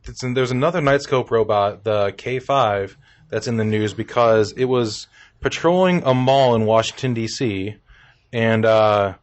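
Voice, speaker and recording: Male podcast co-host, casual rambling news banter, mid pitch. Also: a little slow. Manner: jokey, rambling, with filler words. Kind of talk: casual comedic news chat.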